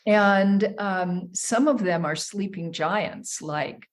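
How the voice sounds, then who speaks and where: A woman's voice: mid-range voice, slow pace. A woman guest on a wine podcast, talking thoughtfully with many fillers and restarts. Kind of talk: casual podcast interview.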